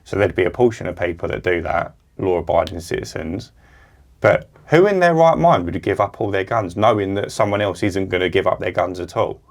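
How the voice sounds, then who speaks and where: A man co-hosting a podcast in casual chat, chatty and quick to agree. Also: sits low, expressive, gravelly. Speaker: podcast co-host.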